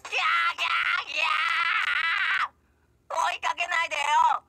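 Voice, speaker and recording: A woman's voice: very high-pitched, little pitch movement, rapid-fire, raised voice, over loud music. A woman voicing a timid young man who is terrified of cats, speaking with panicky shrieks in a game. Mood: panicked. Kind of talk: game voice acting.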